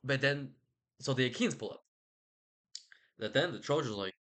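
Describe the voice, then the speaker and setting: A man's voice: mid-range voice, expressive, moderate pace, a bit bright. A young man rambling casually about a book he read, slangy and profane. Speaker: host.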